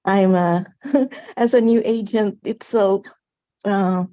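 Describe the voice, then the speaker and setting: New woman agent, mellow, slow, giggly, lo-fi call. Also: medium pitch. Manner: giggly, nervous. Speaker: new real estate agent. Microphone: video call.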